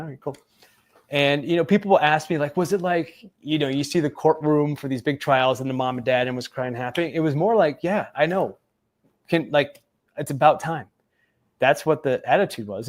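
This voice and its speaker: A man, a former Navy SEAL, telling a long personal story in a casual interview, with lots of fillers, acting out the voices of the people he quotes. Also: mid-range voice. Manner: animated retelling, acts out quoted voices, many fillers.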